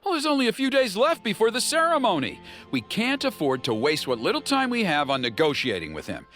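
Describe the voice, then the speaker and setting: An actor playing a wry, gossipy tribal elder in a game. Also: male voice, high-pitched, wildly swooping pitch, fairly quick, a bit bright, faint music behind, heavily acted.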